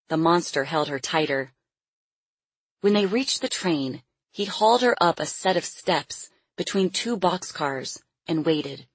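Audiobook narrator, woman, low husky voice, dry and close. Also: dry recording. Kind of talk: scripted narration.

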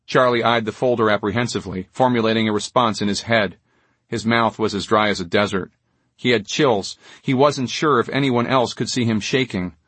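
A man narrating an audiobook in a measured, steady storytelling manner. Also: on the low side, husky, no echo. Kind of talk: scripted narration.

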